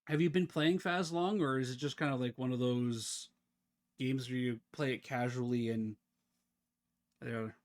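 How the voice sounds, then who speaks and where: Fast-talking chatty man streaming a game. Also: medium pitch, steady tone. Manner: chatty, talks to chat while fiddling with settings; talks fast, slurs words together. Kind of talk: casual live-stream chat while gaming.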